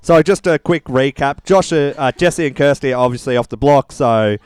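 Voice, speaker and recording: A man's voice: medium pitch, moderate pace, clean tone, dry recording. A man co-hosting a podcast, recapping a TV show in blunt, casual chat. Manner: blunt, sweary, matter-of-fact. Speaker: podcast co-host.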